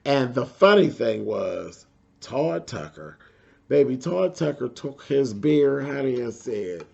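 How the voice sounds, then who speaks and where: A man's voice: mid-range voice, sing-song, takes it slowly, vocal fry, a little mellow, muffled recording. A man hosting a casual reality TV recap, talking in a sassy, emphatic way and repeating his points for effect. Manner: sassy, emphatic, repeats points, calls viewers "child" and "honey".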